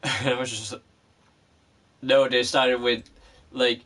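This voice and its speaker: A man's voice: medium pitch, flat delivery, a little slow, long pauses, a bit bright. A man vlogger telling a personal story in a casual, rambling way, with many fillers and frequent swearing.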